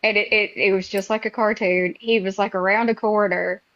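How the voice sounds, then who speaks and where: Lively storytelling woman, dry lo-fi sound. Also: mid-range voice, a little fast, no echo. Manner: animated storyteller, acts out her own past reactions. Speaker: podcast host. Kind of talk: casual chat.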